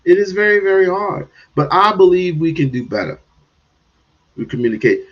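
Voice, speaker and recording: A man hosting a livestream, ranting in commentary with sudden loud bursts and chuckles. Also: high-pitched, sing-song, normal speed, muffled recording. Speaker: streamer host.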